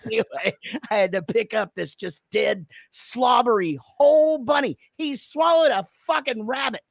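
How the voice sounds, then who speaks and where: A middle-aged man hosting a casual chat, telling stories with lively energy and frequent swearing. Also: very high-pitched, normal speed, gravelly, no echo. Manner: animated storyteller who swears freely. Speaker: show host.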